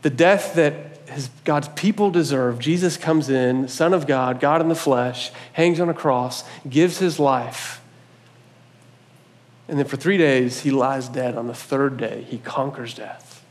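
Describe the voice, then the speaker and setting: A man preaching a sermon as pastor, telling the story with animated quotes and asides. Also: mid-range voice, measured pace, big-room sound. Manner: animated storytelling, voicing God and others in quotes. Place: church sanctuary.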